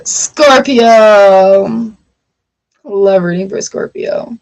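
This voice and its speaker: A young woman talking through a tarot spread on a live stream at an ordinary mid pitch. She is chatty and encouraging, and she often acts out little worried or calm inner voices as she goes. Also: unhurried, low-quality recording. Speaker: tarot reader.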